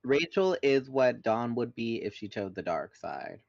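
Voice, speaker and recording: A man's voice: mid-range voice, sing-song, unhurried, gravelly, darkish tone, no echo. A man hosting a podcast, reading a novel aloud with joking asides, on a dull, lo-fi recording. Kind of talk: casual book read-along.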